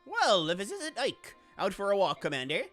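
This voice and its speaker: A cocky young mercenary gushes and leers, brash and excitable, as a woman puts him on. His voice bounces up and down in pitch, like a video game character read aloud. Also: moderate pace, faint music behind.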